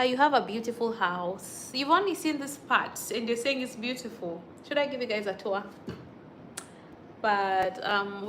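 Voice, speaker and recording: A woman's voice: on the high side, fairly bright tone, slight background noise. A young Kenyan woman hosting a casual livestream from home, reading viewer comments in an emotional, indignant, exclamatory way. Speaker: livestream host.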